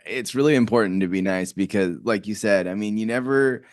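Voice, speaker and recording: A man co-hosting a podcast, chatting casually in a relaxed, filler-heavy way. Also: lowish voice, brisk. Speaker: podcast co-host.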